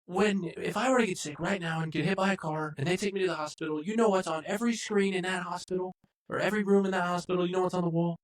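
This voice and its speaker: A man's voice: steady tone, fast talker, close to an everyday voice. A man doing a whiny, flustered film-boss impression. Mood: ranting. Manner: high, whiny protesting.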